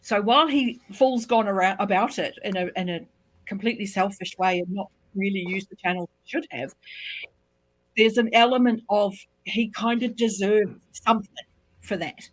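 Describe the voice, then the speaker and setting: A woman in a casual book discussion, talking through her points in a measured, reasoned way. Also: mid-range voice, low-quality recording. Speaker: book club member.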